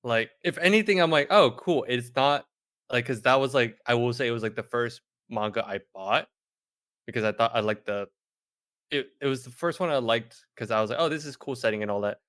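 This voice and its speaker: A young man co-hosting a casual podcast, with a middle-pitched voice. He rambles through his stories, padding them with "like" and "um". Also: fairly quick, fairly bright tone. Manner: rambling, filler-heavy storytelling. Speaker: podcast co-host. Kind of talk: casual chat.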